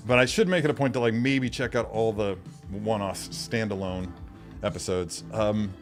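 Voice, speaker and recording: A man's voice: lowish voice, moderate pace, music in the background. A middle-aged man hosting a live stream, chatting casually, rambling and answering viewers' comments.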